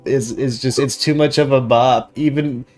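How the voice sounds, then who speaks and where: A man's voice: mid-range voice, fairly even intonation, normal speed. Guy hosting a podcast, swears a lot, rambly and chill, faint music under it. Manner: profane, rambling, laid-back. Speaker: podcast host. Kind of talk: casual live podcast chat. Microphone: desk microphone with noise suppression.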